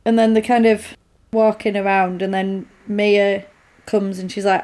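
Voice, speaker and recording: A woman's voice: mid-range voice, a little slow. A woman recapping a horror film in casual chat, acting out characters' lines as she goes. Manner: animated retelling with quoted voices.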